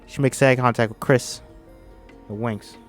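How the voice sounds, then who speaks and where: Soft music sits in the background as a man, alone, reads through a script and voices all the parts. His mid-range delivery is a little slow with fairly even intonation, and he stumbles at times.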